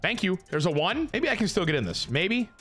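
A young man giving casual, excitable gameplay commentary, swearing and mocking himself as he plays. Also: sits high, a little fast, soft background music. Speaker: gaming YouTuber.

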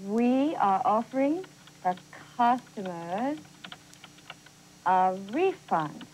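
A woman's voice: a little high, very animated, extremely slow, a little mellow, a little hiss or hum, exaggerated voice, low-quality recording. An actress playing an earnest adult woman learning spelling, in a scripted educational TV lesson. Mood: curious.

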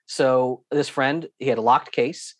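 A man giving an online lesson with slides, talking in a lively, emphatic way, acting out airline staff and repeating himself for emphasis. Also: mid-range voice, a little slow, no echo, studio quality. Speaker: guest instructor.

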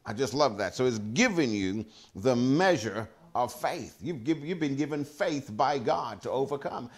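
A man's voice: mid-range voice, a little slow. Emphatic preaching man. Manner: emphatic, repetitive, animated preaching with Scripture references. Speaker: pastor. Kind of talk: sermon.

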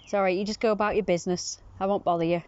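A woman's voice: fairly even intonation, very fast, darkish tone, smooth, highs cut off. A British woman in a casual outdoor vlog, chatting to the camera while out on a scooter and cooing at a cat. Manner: coos in a high sing-song voice to a cat.

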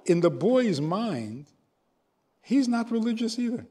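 A man's voice: high-pitched, measured pace, slightly rough. An older man, a rabbi, giving a storytelling lecture and acting out both sides of a conversation. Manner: animated storyteller, acts out both sides of dialogues. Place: synagogue hall.

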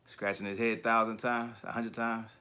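A man's voice: fairly low pitch, moderate pace, clear, resonant tone. Slangy, profane man hosting a chat. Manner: profane, slangy, animated storytelling. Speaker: YouTube collector channel host. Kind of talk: casual livestream chat.

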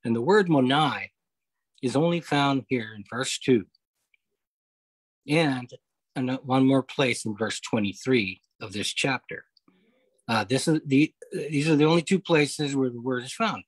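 A man leading a Bible study over a video call, explaining scripture step by step, often pausing on okay and uh. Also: mid-range voice, husky, dry recording, low-quality recording. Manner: explanatory, repeats key points, frequent okay and uh. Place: home, online meeting.

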